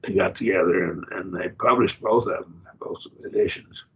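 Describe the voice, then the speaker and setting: An older man leads a Bible study lecture in a low, gravelly voice. He talks in an unhurried, halting way, pausing on fillers and restarting his phrases. The recording sounds dull and lo-fi. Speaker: Bible class teacher.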